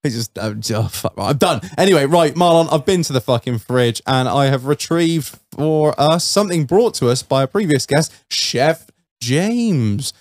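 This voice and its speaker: A man's voice: fairly high pitch, animated, moderate pace, no room sound. A man hosting a podcast, swearing freely and laughing through rambling banter over a beer. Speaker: podcast host. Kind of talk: casual pub-style banter. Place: home studio with a fridge nearby.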